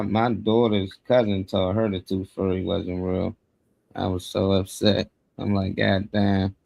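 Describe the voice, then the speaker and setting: A man co-hosting a live morning show in a relaxed, slang-heavy casual chat. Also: low voice, gravelly, dry recording. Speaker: co-host.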